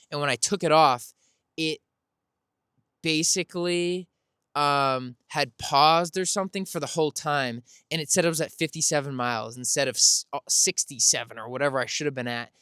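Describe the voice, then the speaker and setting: A man's voice: fairly high pitch, normal speed, pushed and bright, smooth, dry recording, studio quality. A man hosting a podcast, telling a casual, rambling story, correcting himself and laughing as he goes. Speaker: podcast host.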